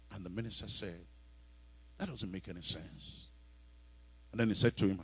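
A man with a Nigerian accent preaching a sermon, telling stories and breaking into sudden loud exhortations. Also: sits low, slightly rough, rough recording.

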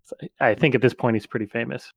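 A man playing a tabletop role-playing game who describes his actions haltingly with many fillers. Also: medium pitch, steady tone, gravelly, no echo. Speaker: player.

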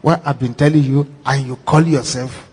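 A man voicing a menacing wife, a spirit who taunts her husband in a low voice. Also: steady tone, moderate pace, a little mellow, slightly rough, close to an everyday voice. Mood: taunting. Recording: echoey hall reverb.

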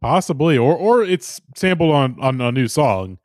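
A man co-hosting a podcast in casual chat, animated and laughing often, with frequent restarts. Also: medium pitch, moderate pace, no room sound, studio quality. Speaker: podcast co-host.

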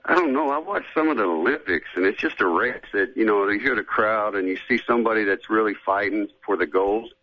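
A middle-aged former football player, guesting on a casual radio interview, talks in a laid-back drawl and says "man" a lot. His lowish voice moves fairly quickly with few pauses and no room sound, over dull lo-fi radio audio.

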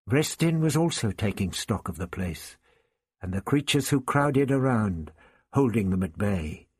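Husky male audiobook narrator. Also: fairly low pitch. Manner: steady, measured storytelling. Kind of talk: scripted narration.

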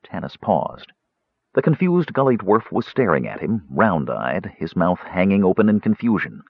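A man reading a fantasy audiobook with an expressive, varied delivery. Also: low voice, moderate pace, husky, dry recording. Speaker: audiobook narrator. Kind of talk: scripted fantasy narration. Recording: slightly dull audiobook recording.

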